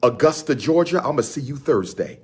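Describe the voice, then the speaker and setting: A man with a husky, slightly rough voice speaks straight to his audience, chanting announcements with a preacher's fire. He is from Philadelphia and hammers each point home through repetition. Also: medium pitch, lively intonation, a little fast, a little mellow. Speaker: speaker promoting his events. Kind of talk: impassioned direct-to-camera address.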